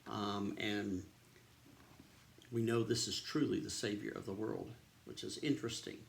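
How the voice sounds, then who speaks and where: A man's voice: fairly low pitch, fairly even intonation, measured pace, vocal fry, slight background noise. A man, a pastor casually retelling a Bible story in a devotional, with many ums and uhs.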